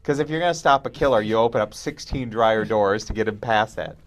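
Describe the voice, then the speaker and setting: Animated man reviewing horror films. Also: lowish voice, a little fast. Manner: animated, acts out movie lines in mock voices. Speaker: film review show host. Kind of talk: casual panel chat.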